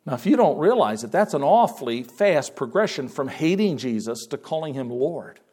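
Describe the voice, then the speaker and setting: A man's voice: fairly high pitch, sing-song, normal speed, a little mellow, breathy edge. A middle-aged man preaching a sermon in a conversational way, acting out quoted lines in raised voices. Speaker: pastor.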